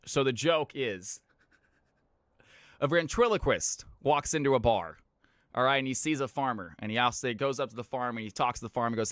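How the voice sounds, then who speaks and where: A man's voice: medium pitch, fairly quick, a bit bright, dry recording, clean studio sound. Casual young man streamer telling jokes. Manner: loose, rambling, laughs at own jokes.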